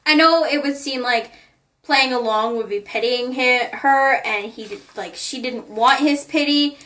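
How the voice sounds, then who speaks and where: A woman's voice: fairly high pitch, moderate pace, a bit bright, distant mic. A woman vlogger chatting in a gushing way about the notes she wrote in a book, often laughing. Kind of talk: casual chat, reading out her notes.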